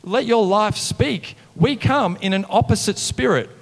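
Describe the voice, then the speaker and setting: A man preaching a casual, animated sermon, often saying "come on". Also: high voice, a little slow, gravelly, in a large hall. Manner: animated, conversational preaching with mimicked voices and "come on" refrains. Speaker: pastor.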